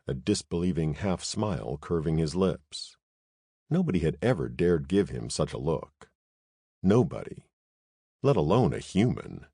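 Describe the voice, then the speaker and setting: A man reading an audiobook as narrator, in an expressive, measured narration. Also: rumbling low, no echo, clean studio sound. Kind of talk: scripted narration.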